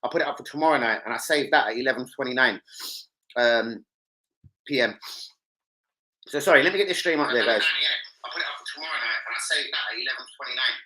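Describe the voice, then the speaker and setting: A young man, hosting a football live stream and chatting with his viewers in an animated, slangy and sweary way. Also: mid-range voice, fast talker, pauses often, low-quality recording. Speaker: football livestream host. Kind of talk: casual live-stream chat.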